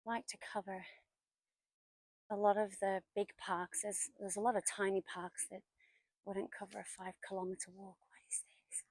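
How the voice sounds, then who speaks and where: A woman in her forties talks on a casual vlog as she walks through woods, chatty and storytelling. Her voice sits at an ordinary middle pitch, and now and then she drops to a whisper. The sound is close and dry, with no echo. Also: level tone, moderate pace, a little mellow. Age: 40s. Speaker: vlogger. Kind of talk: casual walking vlog narration. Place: outdoors in woodland.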